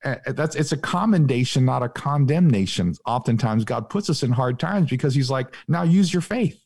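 A man co-hosts a casual podcast about faith, talking in an animated way and acting out little dialogues with God. His voice is gravelly and mid-pitched. The sound is dry and close. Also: normal speed, no echo. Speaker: podcast co-host.

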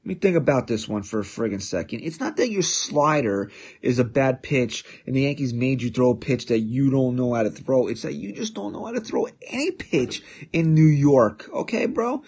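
Man, sports podcast host, fairly high voice, combative and sarcastic in his opinion rant. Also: big pitch swings, normal speed, slightly rough. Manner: combative and sarcastic, jabbing questions.

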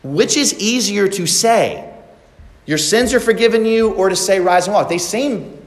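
A pastor preaching a sermon in an earnest way, slowing down to stress key points, in a church. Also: male voice, sits high. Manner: earnest preaching, slows down for emphasis. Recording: echoey church hall with long reverb.

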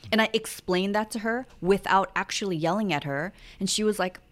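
A woman's voice: mid-range voice, fairly quick. A young adult woman, a podcast co-host, telling candid family stories in casual chat and acting out the quotes as she goes. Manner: candid, chatty storytelling with acted-out quotes.

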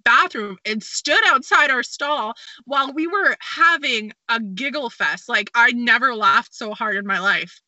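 A young woman chats casually about travel, her voice very bright and forward with a slightly high pitch. She fills her talk with "um" and "like" and slips into giggles. The recording sounds dry and a little dull. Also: unhurried, few pauses, dry recording. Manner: chatty, lots of fillers, giggly storytelling.

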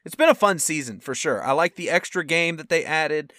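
Bright, animated male sports podcaster. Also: fairly high pitch, brisk, dry recording, clean studio sound. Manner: animated, acts out quotes with loud outbursts. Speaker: podcast co-host. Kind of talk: casual sports chat.

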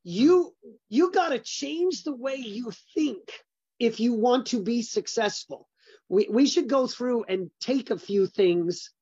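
A man's voice: very high-pitched, expressive, takes it slowly, a little mellow, husky, no echo. Man, middle-aged, business founder, interview guest, emphatic, repeats words, dry sound, slightly muffled.

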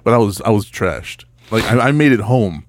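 A man's voice: lowish voice, animated, normal speed, no echo, clean studio sound. A man casually telling a profane story on a podcast, repeating himself and acting out quotes. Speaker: podcast co-host.

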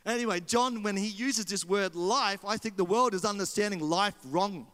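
An Australian man preaching a sermon, telling animated stories and calling out to the congregation. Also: sits high, normal speed, big-room sound. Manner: animated storyteller, addresses congregation. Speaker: pastor.

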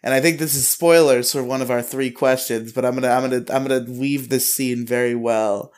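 A man's voice: medium pitch, steady tone, brisk. A man co-hosting a podcast, casually recapping an anime episode, acting out lines in a raised voice and laughing often. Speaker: podcast co-host.

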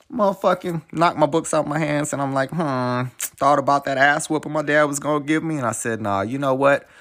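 A man's voice: medium pitch, a bit bright. A man hosting a podcast, telling a long personal story in a loose, profane, conversational way, often breaking into reflective life lessons. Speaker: podcast host. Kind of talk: casual storytelling monologue.

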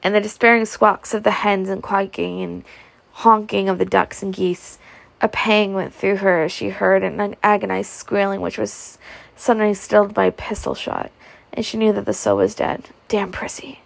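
A woman reading a classic novel aloud with an expressive, gravelly voice. She sometimes breaks off to comment, recorded close in a dry room. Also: mid-range voice, normal speed, dry recording. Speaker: audiobook reader.

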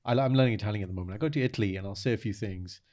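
A man's voice: racing, darkish tone. A man from the United Kingdom with a London accent, co-hosting a casual podcast and telling stories playfully. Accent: London English. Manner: playful storyteller, drops to a low murmur. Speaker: podcast co-host.

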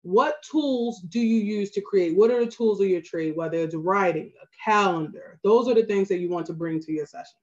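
A woman's voice: mid-range voice, moderate pace, few pauses, darkish tone, dull audio. A woman photographer with a Baltimore accent giving earnest, practical advice in a casual podcast interview, often checking in with "right?". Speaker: photographer guest.

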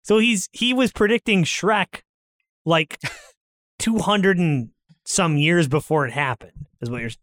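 A man's voice: sits high, a little slow, fairly bright tone, no echo, clean studio sound. A man co-hosting a casual chat, reading song lyrics aloud and joking about them. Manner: reads lyrics aloud, jokey. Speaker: podcast co-host.

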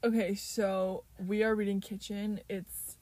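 A woman's voice: mid-range voice, little pitch movement, measured pace, a loud crowd. A young woman co-hosting a casual book podcast, blunt and teasing, full of slang. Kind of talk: casual chat.

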